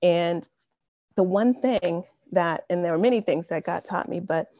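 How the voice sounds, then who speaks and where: Over a video call, an earnest woman in her fifties shares her personal faith testimony in a low, warm, gravelly voice. She speaks a little slowly and conversationally, using "you know" a lot, and the sound is close and dry with no echo.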